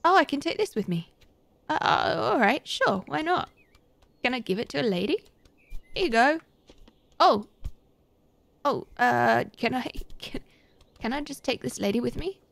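A woman's voice: fairly high pitch, expressive, a little slow, creaky, long pauses, a bit bright, no echo. A young woman giving chatty, giggly live commentary as she plays a game and thanks her viewers. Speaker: live streamer.

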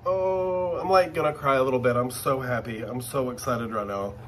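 A man hosting a casual unboxing vlog, gushing and excitable as he talks straight to his viewers. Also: medium pitch, moderate pace, slight background noise. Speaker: channel host.

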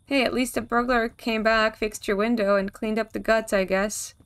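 A woman giving deadpan, darkly joking commentary while she plays a video game and reads its text aloud. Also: fairly high pitch, normal speed, smooth. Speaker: gaming video creator. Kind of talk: let's play commentary.

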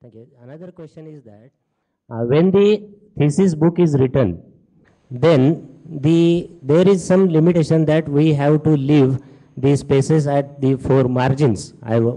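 A man's voice: mid-range voice, dark tone, poor audio. A man, politely putting formal questions to a lecturer one by one. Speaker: participant asking questions.

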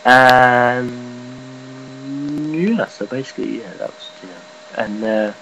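A man giving a casual, rambling vlog update, swearing offhandedly and filling pauses. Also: mid-range voice, steady tone, gravelly, fairly bright tone, slight background noise, low-quality recording. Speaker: gaming and news vlogger.

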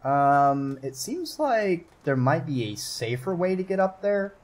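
A man's voice: fairly high pitch, measured pace. A man streaming a video game, talking to himself and his viewers, swearing and yelping at what happens on screen. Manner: excitable, swears and yelps at the game. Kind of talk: casual gameplay commentary.

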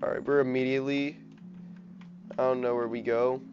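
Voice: mid-range voice, level tone, moderate pace, dull audio, background noise. A gamer musing aloud in casual gameplay commentary. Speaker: let's play gamer.

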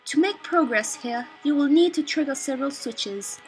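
A woman voicing a gentle, motherly goat caretaker in a video game, in a put-on English accent. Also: high-pitched, expressive, normal speed, soft background music. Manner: soft, formal and kindly.

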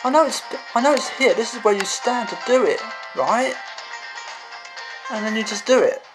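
A man's voice: very high voice, moderate pace, low-quality recording. A man giving frustrated gameplay commentary, swearing and exclaiming. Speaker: gamer. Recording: game music behind the voice.

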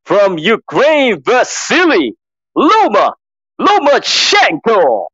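A man imitating a booming male boxing ring announcer, stretching out the words as they rise toward the names. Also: huge pitch swings, a bit bright, husky, no echo, highs cut off, heavily acted. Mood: grand. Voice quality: drawn-out, rising announcer delivery.

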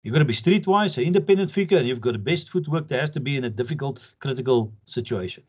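A man's voice: mid-range voice, lively intonation, quick pace, a little mellow, slightly rough. An older man from South Africa, an advocate giving an informal lecture to pupils, earnest and jokey, laughing often. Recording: dull lo-fi lecture recording.

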